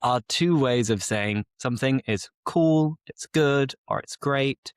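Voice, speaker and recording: A man's voice: medium pitch, slow, clear, resonant tone, no echo, studio quality. A young English man hosting a podcast for learners, chatting casually and explaining words with enthusiasm. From England. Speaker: English teacher and podcast host.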